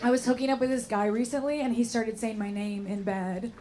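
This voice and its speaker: Raspy young woman doing brash stand-up. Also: fairly high pitch, steady tone, a little fast. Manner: brash, bawdy, self-mocking. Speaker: stand-up comedian. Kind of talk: stand-up comedy set. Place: comedy club stage. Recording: loud crowd and noise in a club. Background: crowd laughing.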